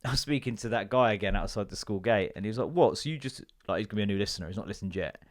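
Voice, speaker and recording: A man's voice: lowish voice, racing. A man hosting a comedy podcast, telling rambling, sweary stories and doing the voices of the people in them. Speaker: podcast host. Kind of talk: casual comedic rant.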